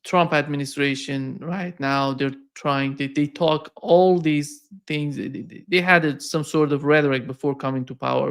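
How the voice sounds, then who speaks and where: A man hosting an interview, asking long questions in a halting way and repeating words as he goes. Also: mid-range voice, fairly even intonation, vocal fry, a bit bright, clean tone. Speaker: interview host.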